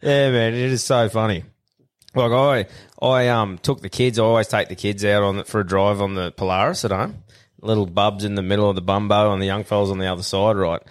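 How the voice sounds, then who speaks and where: A man's voice: lowish voice, flat delivery, brisk. A young Australian man hosting a podcast, telling sweary, laddish stories in casual chat. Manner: laddish, sweary, laughing storyteller. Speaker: podcast host.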